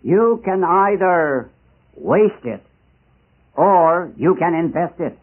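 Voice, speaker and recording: A man preaching a missionary sermon, impassioned and dramatic, with rising rhetorical questions and slow emphatic pauses. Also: high voice, sing-song, breathy edge. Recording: tinny lo-fi archival recording.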